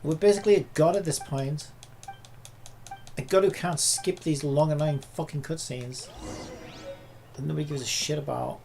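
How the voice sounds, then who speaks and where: A man's voice: a little high, fairly even intonation, normal speed, creaky, long pauses, a little mellow, slight background noise. A man streaming a game, ranting at it in sarcastic, profane commentary.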